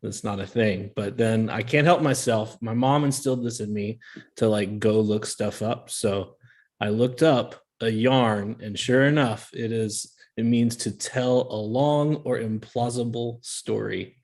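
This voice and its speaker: A man's voice: mid-range voice, a little slow, darkish tone. A man in casual podcast talk, laughing often and explaining things in loose, filler-heavy sentences. His voice sits in a middle range. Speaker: podcast co-host.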